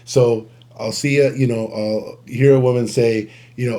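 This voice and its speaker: A man's voice: mid-range voice, steady tone, normal speed, few pauses, dark tone. A man co-hosting a casual podcast on relationships, talking with many fillers and repeating points as if preaching them. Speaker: podcast co-host.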